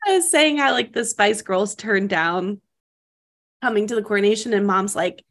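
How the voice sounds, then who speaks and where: A woman's voice: medium pitch, normal speed, a bit bright. A young woman co-hosting a casual chat, telling stories and often laughing as she talks. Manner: giggly, laughs through her stories. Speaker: podcast co-host.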